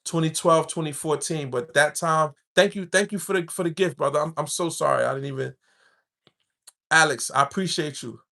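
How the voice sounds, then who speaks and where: A man's voice: fairly high pitch, moderate pace, gravelly, sharp tone. A middle-aged man hosting a show, talking with passion in a street-inflected style and repeating himself for emphasis. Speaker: podcast host. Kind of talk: impassioned casual talk.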